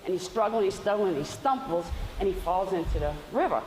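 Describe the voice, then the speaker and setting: A woman's voice: mid-range voice, lively intonation, fairly quick, a little mellow. A woman giving a chatty faith testimony, telling stories with loose asides. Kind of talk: storytelling testimony talk. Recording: roomy hall with faint hiss.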